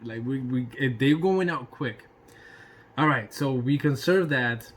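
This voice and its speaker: A man telling a casual personal anecdote in an animated way, swearing freely and throwing in sound effects. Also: medium pitch, takes it slowly. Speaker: storyteller.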